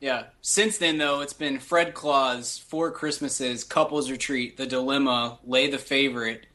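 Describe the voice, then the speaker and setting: A man's voice: mid-range voice, fairly even intonation, a little slow, sharp tone. A man co-hosting a podcast in casual movie chat, rambling with many restarts. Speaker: podcast co-host.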